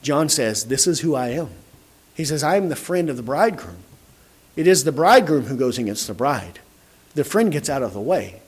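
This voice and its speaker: A man preaching a sermon, animated, acting out quoted dialogue and often repeating words as he starts a phrase. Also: medium pitch, moderate pace, husky.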